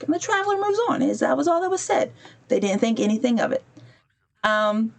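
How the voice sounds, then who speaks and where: Her voice is on the high side and gravelly, brisk, with big swings in pitch. As a podcast host, she plays a game on a livestream while casually telling a story, wandering off to fix her stream and acting out quoted people for a moment in her chatty, digressive way.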